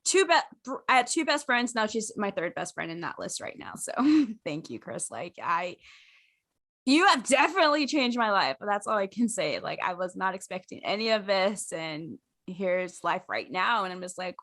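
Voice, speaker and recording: A woman's voice: medium pitch, sing-song, normal speed, a bit bright. Earnest, giggly woman podcast host. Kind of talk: casual fan podcast chat.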